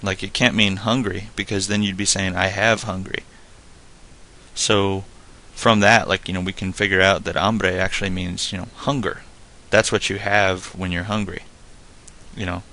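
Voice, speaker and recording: Gravelly low-voiced man explaining casually. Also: moderate pace. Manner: relaxed, rambling explanations full of "like" and "you know". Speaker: Spanish tutor. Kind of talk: casual spoken lesson.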